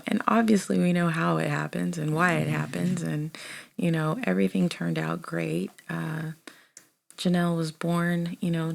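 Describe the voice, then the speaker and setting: A woman in her thirties telling a personal memoir in a casual, conversational way, often dropping to a soft half-whisper with many fillers. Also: fairly low pitch, gravelly. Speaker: author reading and reflecting on her book. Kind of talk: casual spoken memoir reading.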